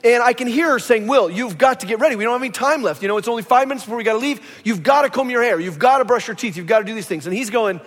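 A man's voice: extremely high pitch, racing, few pauses. A man in his thirties or forties preaching a sermon as pastor, telling stories and acting out the voices in them. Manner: animated storytelling, acts out quoted voices. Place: church sanctuary. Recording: long reverb of a large hall.

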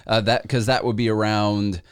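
A man's voice: lowish voice, level tone, moderate pace, smooth, no echo, clean studio sound. A man co-hosting a podcast, chatting casually about the news, laughing easily and stumbling over names. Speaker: podcast co-host.

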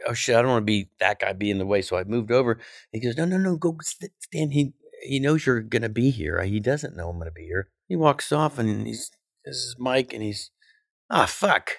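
A middle-aged male comedian telling a backstage anecdote in an animated, profane way, acting out the people he quotes. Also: medium pitch, gravelly, no echo, clean studio sound. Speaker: comedian guest. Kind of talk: storytelling anecdote.

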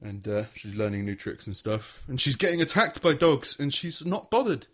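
A man's voice: mid-range voice, big pitch swings, moderate pace. Rambling, laughing man. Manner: laughing, rambling, swears freely. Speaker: podcast host. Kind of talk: casual chat.

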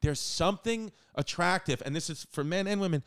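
A man's voice: high-pitched, fairly bright tone, clean tone. Joking man hosting a podcast. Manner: joking, quick interjections, asks questions. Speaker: podcast host. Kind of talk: casual podcast chat.

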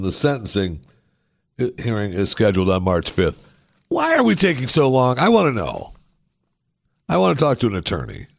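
A man's voice: sits low, dry recording, studio quality. A man hosting a talk show, giving opinionated political commentary with indignant, sarcastic asides.

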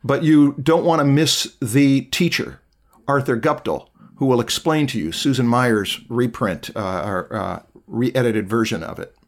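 A middle-aged man offers drawing advice in a measured, thoughtful way. His voice sits at a middling pitch, and his sentences sometimes trail off. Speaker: art podcast co-host. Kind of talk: casual chat giving drawing advice.

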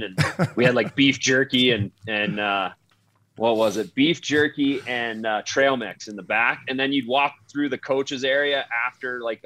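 A retired hockey player tells stories in an easy, halting way and laughs often. His tone is bright and sharp, and it is recorded very dry and close. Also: mid-range voice, no room sound. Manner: laughing, halting storyteller with restarts. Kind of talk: casual storytelling chat.

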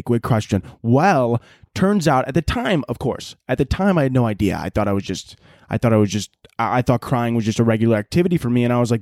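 A young man hosting a casual solo podcast, telling stories in a profane, laughing, animated way. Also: mid-range voice, fast talker, dry recording, studio quality. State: out of breath. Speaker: podcast host.

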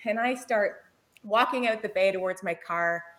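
A woman in her forties, a paramedic, telling a work story in casual chat, lively and often laughing. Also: medium pitch, moderate pace.

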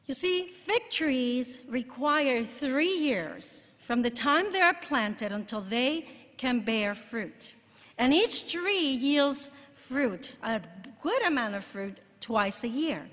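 A woman preaching a sermon in an expressive way, rising for emphasis and dropping to soft asides. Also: a little high, takes it slowly, big-room sound.

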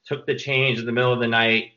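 A man's voice: mid-range voice, quick pace, lo-fi sound. A man, a filmmaker being interviewed, telling long rambling stories with many fillers. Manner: rambling, animated storyteller with fillers. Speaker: filmmaker guest. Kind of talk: casual interview storytelling.

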